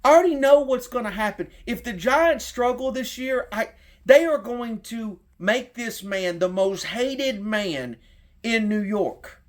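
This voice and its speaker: A man's voice: very high-pitched, lively intonation, measured pace. A middle-aged man with a Southern accent delivering a heated, profane sports rant as a fan content creator.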